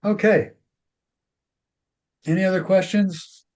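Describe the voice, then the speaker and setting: A man teaching a casual technology class, answering questions in a relaxed way and telling a folksy joke with frequent chuckles. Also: high voice, takes it slowly. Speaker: class instructor.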